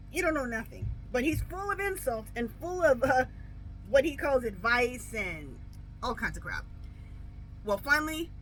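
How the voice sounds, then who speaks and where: A middle-aged woman reading tarot, chatting casually and telling stories with an animated, emphatic delivery that keeps checking in with "okay?". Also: fairly high pitch, rough recording. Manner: animated storytelling, repeats "okay?". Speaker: tarot reader. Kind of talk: casual chat.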